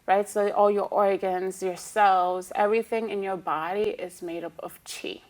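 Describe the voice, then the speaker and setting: A woman who is a licensed acupuncturist, a guest on a TV talk show, calmly explaining her practice. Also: mid-range voice, a little slow. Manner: calm, explanatory, with frequent "um" and "you know". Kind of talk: explaining in an interview.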